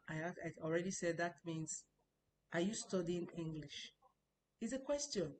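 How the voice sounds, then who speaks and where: A woman's voice: on the low side, unhurried, darkish tone, slight background noise, low-quality recording. A woman teaching a Chinese language lesson, explaining patiently and repeating key points, and stressing important words.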